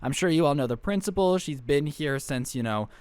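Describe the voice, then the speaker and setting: A man's voice: a little high, animated, a little fast, a little mellow, clean tone, no room sound, pitched below the performer's own voice, lightly acted. A man voicing a stern older male teacher who delivers serious news and scolds a student. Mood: grave.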